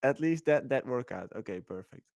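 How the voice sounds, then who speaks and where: A man's voice: mid-range voice, animated, normal speed, vocal fry, a little mellow, no echo. A man co-hosting a livestream, chatting playfully and rambling with fillers. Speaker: livestream co-host. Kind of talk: casual livestream banter.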